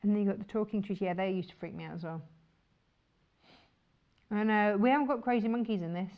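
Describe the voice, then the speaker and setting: A woman's voice: mid-range voice, a little fast, highs cut off. A woman presenting fabrics on a shopping channel, chatty and enthusiastic. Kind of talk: chatty live sales presentation.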